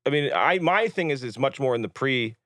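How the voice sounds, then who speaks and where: Male filmmaker guest, rapid-fire animated storyteller, mid-range voice, dry close mic. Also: mid-range voice, no room sound. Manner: animated storyteller who acts out others' lines, swears casually. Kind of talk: casual podcast chat.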